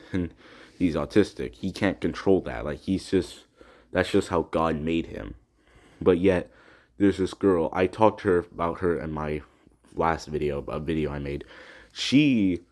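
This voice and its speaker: Agitated teenage boy, low voice. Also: a little mellow. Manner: agitated, repeats and restarts words, swears a lot. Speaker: student vlogger. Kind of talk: upset personal vlog rant.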